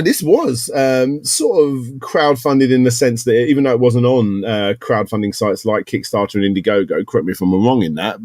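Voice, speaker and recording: A man's voice: medium pitch, dry recording, clean studio sound. A British man hosting a casual gaming news podcast, rambling and correcting himself as he goes. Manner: rambling, self-correcting, upbeat. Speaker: podcast host.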